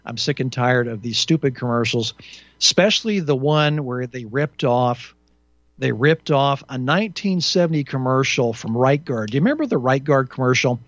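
A man hosts a talk radio show on his own, voice at a middling pitch, sounding indignant and sarcastic as he rambles from one complaint to the next. The sound is dry and a little dull, with no room around it. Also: expressive, moderate pace, no room sound. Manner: rambling, indignant and sarcastic, with frequent restarts and fillers. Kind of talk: solo radio commentary.

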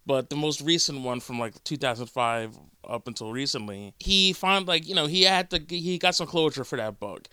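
A man hosting a podcast in a chatty, rambling way, often correcting himself as he goes. His voice is bright and crisp, a bit higher than most men's, recorded dry and close. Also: normal speed, hardly any pauses, dry recording. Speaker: podcast host. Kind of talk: casual chat.

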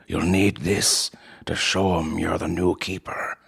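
A weary, solemn old uncle near death, as a male narrator voices him. The voice sits very deep and husky, and every word comes out low, hushed and grave. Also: level tone, unhurried, exaggerated voice.

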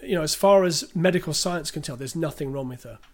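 Rambling man with a high voice. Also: a little fast, darkish tone. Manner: rambling, hesitant with fillers and restarts. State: clearing his throat. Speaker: podcast co-host. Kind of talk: casual film discussion.

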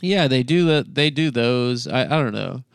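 A man co-hosting a comedy podcast, rambling through casual chat with constant restarts and fillers. His voice carries gravelly fry over a smooth, clean tone. The sound is dry and close. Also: medium pitch, animated, moderate pace, no echo. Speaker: podcast co-host.

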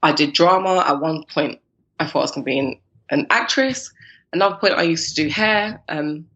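Woman, London accent, interview guest, chatty, laughs a lot, low-ish voice, muffled audio. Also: moderate pace. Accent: London English. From London, England. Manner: chatty, laughs often, animated when quoting people. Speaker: guest, cupcake business founder. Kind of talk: casual interview talk.

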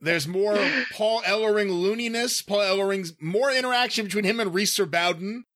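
A man's voice: sits high, moderate pace, no room sound, clean studio sound. A man from the northeastern US co-hosting a podcast in casual, enthusiastic chat. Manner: enthusiastic, animated. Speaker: podcast co-host.

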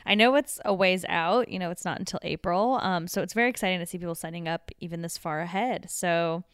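A woman's voice: fairly low pitch, smooth, no room sound, clean studio sound. Bubbly woman podcast co-host. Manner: bubbly and enthusiastic, quick to laugh. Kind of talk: casual podcast chat.

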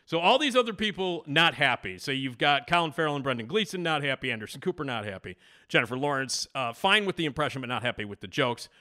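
A man's voice: mid-range voice, very animated, fast, bright, forceful tone. A man hosting a casual podcast monologue, rambling, blunt and opinionated. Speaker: podcast host.

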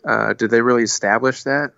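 A man talks loosely through a film plot in a casual podcast chat, often trailing off and restarting. His voice is bright and pointed, and it sits dry and close. The recording has a slightly dull, lo-fi edge. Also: mid-range voice, steady tone, brisk, vocal fry, no room sound. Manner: laid-back, rambling, with many fillers and restarts. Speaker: podcast co-host.

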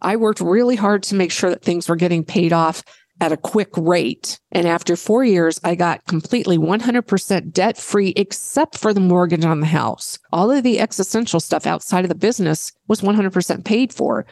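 A woman's voice: on the low side, moderate pace, darkish tone, no echo. A middle-aged woman being interviewed, telling her own story frankly, swearing freely and repeating phrases while she thinks. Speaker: guest. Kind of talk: candid personal storytelling.

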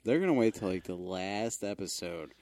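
A man co-hosting a casual podcast, telling an animated story with swearing and sudden high exclamations. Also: normal speed. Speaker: podcast co-host. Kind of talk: casual chat.

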